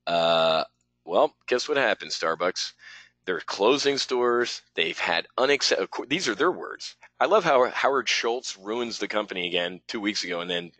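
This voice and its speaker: A brash middle-aged man riffing on the markets in a casual, blunt way. His voice sits low but has a bright, forceful edge. The sound is dry and close. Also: expressive, unhurried, dry recording, poor audio. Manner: brash, blunt and conversational, addressing "folks". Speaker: market commentator.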